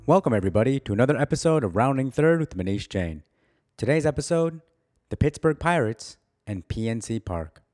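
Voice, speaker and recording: A man's voice: mid-range voice, very animated, a little fast, darkish tone, faint music behind. A man hosting his own podcast, talking enthusiastically and self-deprecatingly, with frequent laughs. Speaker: podcast host. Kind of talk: solo podcast monologue.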